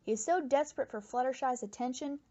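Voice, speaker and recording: Woman doing a snarky cartoon review, kinda high voice, dull lo-fi mic with a bit of hiss. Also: fast, dark tone. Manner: wry, sarcastic asides. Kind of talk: comedic review commentary.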